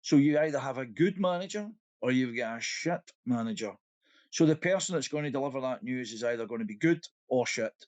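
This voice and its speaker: A man's voice: mid-range voice, expressive, a little fast, a little mellow, no room sound. A Scottish man co-hosting a podcast in casual chat, acting out quotes and laughing often. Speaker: podcast co-host.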